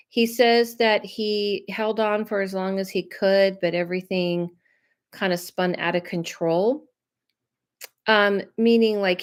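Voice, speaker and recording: Speaking at a medium pitch, a woman hosts a psychic medium livestream and gives readings in casual chat. She rambles and drifts into tangents, staying reassuring and conversational and often checking in with the people listening.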